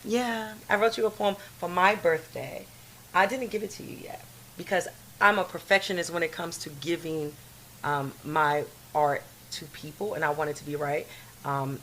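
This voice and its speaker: A woman's voice: fairly low pitch, fairly bright tone, a little hiss or hum, low-quality recording. A young adult woman co-hosting a podcast, chatting with her best friend in a teasing, playful way. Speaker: podcast co-host. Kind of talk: casual chat between best friends.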